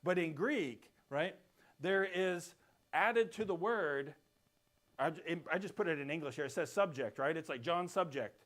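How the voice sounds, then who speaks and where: Man, Bible class teacher, slightly high voice, casual explainer who keeps checking the class follows. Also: animated, unhurried, fairly bright tone. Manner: explains step by step, often checks in with "right?". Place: church classroom.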